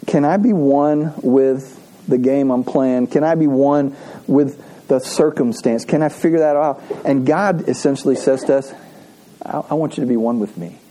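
Speaking at a normal pace in a warm, mid-range voice, a pastor gives a conversational sermon during a church service. The recording is rough. He repeats his key phrases and asks the people present to read scripture aloud with him.

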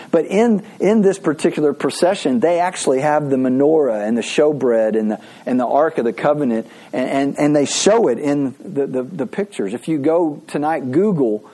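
A man's voice: a little high, mellow, low-quality recording. A man, a pastor, teaching a casual Bible study in an eager, chatty way, full of asides and restarts.

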